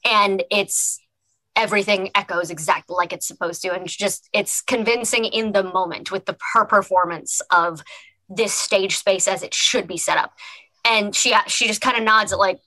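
Rambling woman player, bright and forceful, dry recording. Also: medium pitch, fairly even intonation, normal speed, dry recording, low-quality recording. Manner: rambling, lots of likes. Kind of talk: tabletop game narration.

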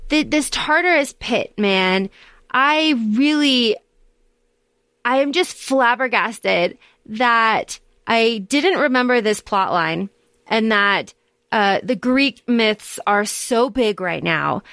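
Casting: woman podcast co-host, animated and profane, high voice, dry close sound. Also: slow pace, clean tone, no echo. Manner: animated, swears freely, acts out characters' lines. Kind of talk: casual book discussion.

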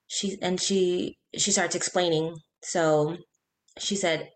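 A woman in her thirties, a guest in an interview, telling a personal story in an earnest, halting way, with restarts and quoted speech. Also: on the low side.

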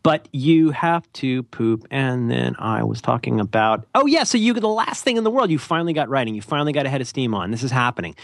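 Male podcast co-host, chatty and rambling, jokey and self-mocking; animated delivery. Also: mid-range voice, fairly quick, vocal fry, few pauses, no room sound, clean studio sound. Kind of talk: casual podcast chat.

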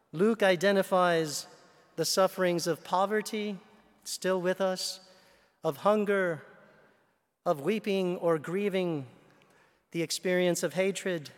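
Slow high-voiced priest in a church. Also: male voice. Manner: slow, measured delivery with storytelling asides. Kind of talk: sermon. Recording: reverberant church hall. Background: long hall reverb.

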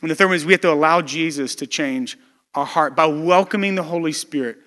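A man's voice: a little high, fairly quick, fairly bright tone, long reverb tail. A man preaching a sermon as pastor, talking in a loose conversational way, telling stories and often restarting his sentences.

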